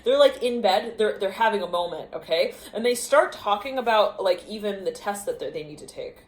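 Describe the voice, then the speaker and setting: A woman's voice: mid-range voice, expressive, brisk. A woman giving an intuitive tarot reading to camera, rambling in fragments, often breaking into laughter. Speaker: tarot reader. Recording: echoey room with faint ambience.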